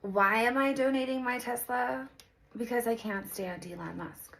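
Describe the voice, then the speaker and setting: A smug celebrity woman, airy and giggly, with a gravelly edge to her voice, as a woman puts her on in mockery. Clear music plays behind her throughout. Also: fairly high pitch, moderate pace, low-quality recording. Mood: mocking.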